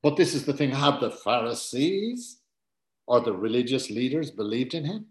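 A man's voice: medium pitch, expressive, normal speed. A man teaching a Bible passage as a sermon, earnest and conversational, repeating his key points and adding asides. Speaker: preacher. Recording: roomy echo.

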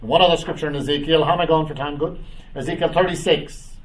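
A man preaching a Bible study, reading scripture aloud and commenting, with frequent "uh" and "um" pauses. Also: a little high, fairly even intonation, distant mic, rough recording. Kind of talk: bible teaching.

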